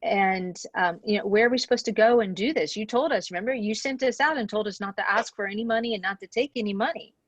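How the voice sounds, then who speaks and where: A woman's voice: mid-range voice, fast talker, few pauses, no room sound, lightly acted. A woman voicing an anxious male disciple who negotiates and pleads about money. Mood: pleading.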